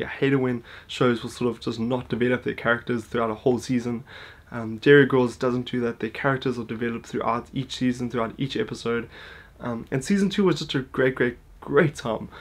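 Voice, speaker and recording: A man talks casually to his viewers, upbeat and eager as he recommends a show. His voice sits in an ordinary middle range, and he stacks up repeated words for emphasis between frequent fillers. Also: mid-range voice. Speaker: TV show reviewer. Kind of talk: casual YouTube review talk to camera.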